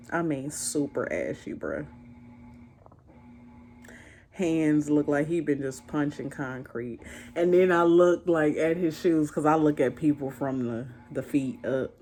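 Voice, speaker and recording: A young woman vlogger casually recounting a date in an animated, slangy way, laughing as she tells it. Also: low-pitched, a little hiss or hum. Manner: animated, slangy, laughs while telling the story. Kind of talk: casual storytime chat.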